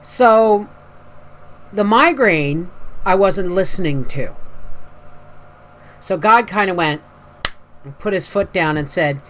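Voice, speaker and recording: A woman's voice: on the low side, takes it slowly, pauses often, fairly bright tone. Chatty woman vlogger telling a story. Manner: chatty storyteller, acts out voices in her anecdotes. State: tired after a migraine night. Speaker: homestead vlogger. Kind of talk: casual chat to camera.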